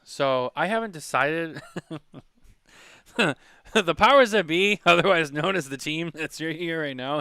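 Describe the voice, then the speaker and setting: Chatty man hosting, smooth clear voice. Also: on the high side, sharp tone, no echo, clean studio sound. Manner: rambling and chatty, reads comments aloud. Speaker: podcast host. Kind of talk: casual chat.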